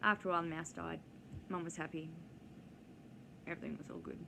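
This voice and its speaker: A woman's voice: lowish voice, little pitch movement, fast, gravelly. A woman, talking casually in a rambling, digressive way full of ums and side stories for her vlog. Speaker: vlogger. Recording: noisy background hiss.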